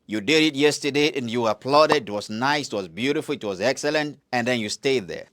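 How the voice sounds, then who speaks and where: Nigerian guy preaching, lively pitch, keeps quizzing the crowd, goes loud then quiet. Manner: call-and-response questions to listeners, swings between loud and hushed. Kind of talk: motivational sermon.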